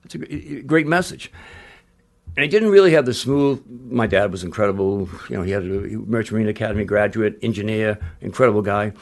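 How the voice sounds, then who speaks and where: A man's voice: lowish voice, fairly quick. An older man, a retired basketball coach, telling stories in a casual interview, blunt and rambling, with frequent restarts and salty language.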